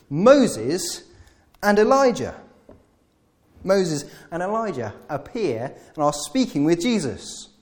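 A man's voice: on the high side, darkish tone. Earnest man preaching a sermon. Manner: earnest, restarts phrases often.

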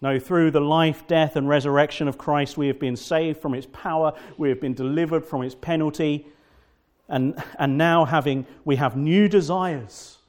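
A man preaching a sermon as pastor, fervent and emphatic, repeating phrases and slowing down to stress key words. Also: fairly high pitch, fairly even intonation, darkish tone.

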